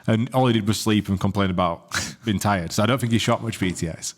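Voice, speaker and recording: A man's voice: lowish voice, fast. A man, co-hosting a podcast and telling stories in casual, swearing banter. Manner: swearing, animated storyteller. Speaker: podcast co-host.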